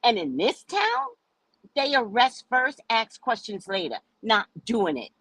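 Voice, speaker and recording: A woman host telling her viewers a story in a casual, animated way, cursing freely and acting out what people said. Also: fairly high pitch, measured pace, no echo, low-quality recording. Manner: animated, profane, acts out quoted people. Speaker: psychic reader and host.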